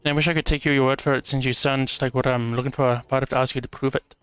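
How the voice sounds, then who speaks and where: A man's voice: medium pitch, little pitch movement, very fast, a bit bright, smooth, no echo, soft background music, lightly acted. A man voicing a brash, blunt dwarf hunter in a game, with a clumsy put-on accent. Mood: gruff.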